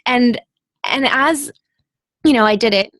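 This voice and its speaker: Woman guest, actress type, animated storyteller, slightly high pitch. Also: unhurried, no echo. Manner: animated, laughs often, acts out quoted dialogue. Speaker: guest, actress and public-speaking coach. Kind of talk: casual podcast interview storytelling.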